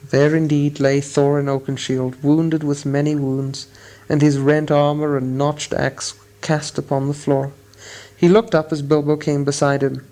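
A man reading a story aloud as audiobook narrator, in a measured storytelling manner. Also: fairly high pitch, little pitch movement, dark tone. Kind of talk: scripted narration.

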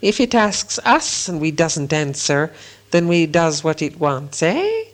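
A man voicing a small, slimy, cunning cave creature that hisses and whispers to itself in a slow, drawn-out way. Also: on the high side, very animated. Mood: wheedling, hissing.

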